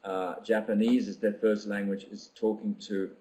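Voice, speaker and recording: An older man leading a teacher-training webinar, reading out participants' comments and reflecting on them in an unhurried, thoughtful way with frequent ums. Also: lowish voice, level tone, warm tone, poor audio.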